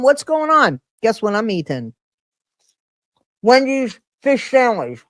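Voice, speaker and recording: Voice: mid-range voice, sing-song, slow pace, dry recording. A livestream host chatting casually, greeting viewers by name while snacking.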